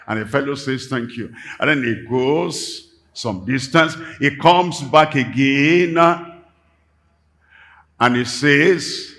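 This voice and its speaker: An older pastor from Nigeria preaching a sermon, emphatic and repetitive, rising to fervent calls. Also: male voice, mid-range voice, slow pace, fairly bright tone.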